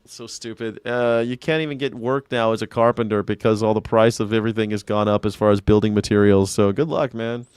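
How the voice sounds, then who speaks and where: A man's voice: lowish voice, fairly even intonation, brisk, hardly any pauses, a little mellow, clean tone, dry recording, studio quality. A male independent commentator chatting casually with his stream viewers, rambling, sarcastic and full of profanity. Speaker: independent news and culture commentator. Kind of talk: casual livestream chat reading viewer comments.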